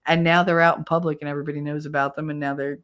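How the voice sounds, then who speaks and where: A woman's voice: low voice, flat delivery, rapid-fire, fairly bright tone, clear, resonant tone. A woman hosting a podcast, telling stories in a blunt, profane, casual way and laughing often. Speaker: podcast host. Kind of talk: casual solo chat.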